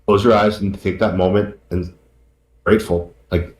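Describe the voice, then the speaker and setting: A man's voice: low-pitched, fairly even intonation, normal speed. A man being interviewed as a guest author, talking earnestly and repeating his words, tearing up. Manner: earnest, repeats himself, grateful. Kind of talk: emotional interview talk. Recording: echoey room.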